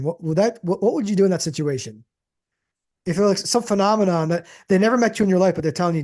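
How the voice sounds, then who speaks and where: Guy rambling fast on a podcast, high voice, says dude a lot. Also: darkish tone. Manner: rambling, restarts often, says dude and man. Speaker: podcast co-host. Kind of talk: casual chat.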